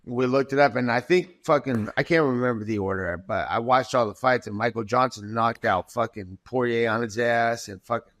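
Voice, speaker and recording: A man in his thirties, a fighter guest, telling stories in a profane and animated way in a casual interview. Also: mid-range voice, normal speed, dry recording.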